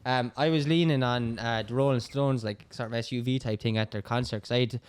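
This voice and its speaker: A young Irish man chatting over drinks, spinning loose, rambling stories and laughing as he goes. His voice is smooth and resonant, and the recording is dry and close. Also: mid-range voice, fairly even intonation, fairly quick, no echo. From Ireland. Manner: rambling storyteller, laughs often. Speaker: co-host. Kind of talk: casual pub chat.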